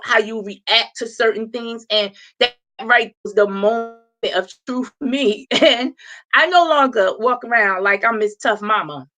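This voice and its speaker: A woman in her thirties tells a story in a casual way, laughing often and acting out each person's lines. Her voice is bright and clear and sits somewhat high. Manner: animated, laughing, acts out quoted voices. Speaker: host.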